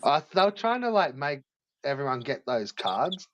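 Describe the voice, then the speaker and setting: A man's voice: mid-range voice, normal speed. A man casually telling a story, swearing often and filling his speech with "like". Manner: swears a lot, heavy use of "like", animated retelling. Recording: dull lo-fi dry recording.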